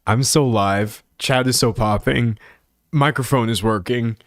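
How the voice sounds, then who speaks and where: A young man from the American South, hosting a live stream and commenting in an animated, sarcastic way, often breaking into laughs. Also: mid-range voice, a little slow, no echo, studio quality. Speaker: livestream commentator.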